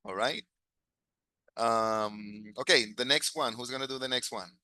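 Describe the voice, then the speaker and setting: A man's voice: mid-range voice, unhurried, sharp tone, no room sound. A man teaching an English class, encouraging his students, drilling phrases and chuckling often.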